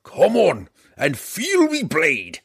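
A man voicing a gruff, stubborn male dwarf warrior who growls and roars his words in folksy turns of phrase for a fantasy audiobook. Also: mid-range voice, big pitch swings, unhurried, fairly bright tone, no echo, clean studio sound, heavily acted. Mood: roaring challenge.

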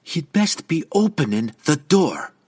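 A man's voice: mid-range voice, lively intonation, takes it slowly, husky, voice pushed up. A man voicing a fiery, blunt young woman warrior who speaks curtly in dialect with dropped g's. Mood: fierce, curt.

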